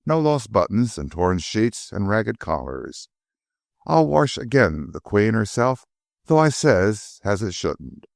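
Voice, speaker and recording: A man's voice: on the low side, big pitch swings, slow pace, creaky, no echo, clean studio sound, heavily acted. A man playing a doting old washerwoman servant. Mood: emphatic. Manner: homely, ungrammatical country speech. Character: older working-class female servant, loving and fussy.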